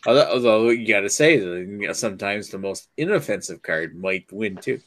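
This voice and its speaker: Give a man a lively, swinging pitch as he chats casually with friends over an online card game. He reads cards aloud and laughs along with the banter. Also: fairly quick.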